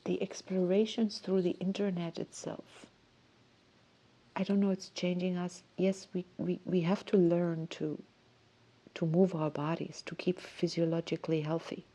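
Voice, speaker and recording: A woman hosting a show, musing in a soft, rambling way and often breaking off mid-thought. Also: fairly low pitch, level tone, a little slow. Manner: dreamy, rambling, soft-spoken with self-interruptions. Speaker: host. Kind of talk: casual musing monologue.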